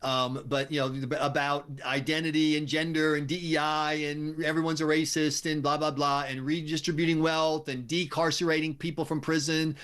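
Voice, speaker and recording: A man's voice: a little high, little pitch movement, normal speed, few pauses, a bit bright, smooth. A man appearing as a political commentator on a radio show, speaking emphatically and sarcastically. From United States. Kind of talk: talk radio interview.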